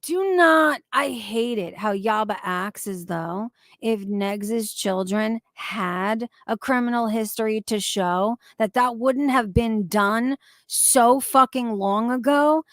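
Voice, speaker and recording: High-voiced, indignant woman ranting. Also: slow pace, no echo, clean studio sound. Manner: indignant, swears heavily, bursts into shouting and laughter. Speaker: commentary YouTuber reacting to clips. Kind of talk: profane reaction commentary.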